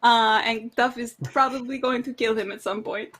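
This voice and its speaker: A woman with a bright, slightly high voice, recapping a game session. She talks in a chatty, playful way. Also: steady tone, normal speed. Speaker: player. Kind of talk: casual chat.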